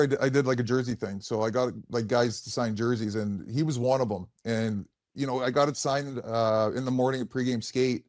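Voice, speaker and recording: A man's voice: mid-range voice, darkish tone. A man in his thirties spins loose, rambling stories as a guest, breaking into laughter often. His voice sits in a plain middle register. The sound is close and dry, with no room echo. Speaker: guest, former pro hockey player. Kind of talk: casual storytelling chat.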